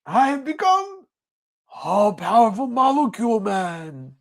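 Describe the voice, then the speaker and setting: High shrill supervillain, loud, gloating, comic panel reading. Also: male voice, big pitch swings, slow, heavily acted. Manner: shrill, shouting triumphant boasts. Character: gloating all-powerful male supervillain.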